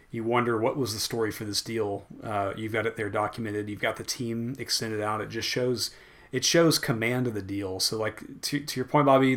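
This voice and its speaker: A man's voice: fairly low pitch, a bit bright. A man co-hosting a podcast in an easygoing way, thinking aloud as he shares stories. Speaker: podcast co-host. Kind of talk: casual podcast chat.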